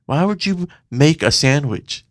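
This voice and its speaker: Animated, swearing man telling a story. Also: fairly high pitch, unhurried. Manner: animated, swearing often, acting out voices in his story. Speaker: podcast co-host. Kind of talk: casual storytelling chat.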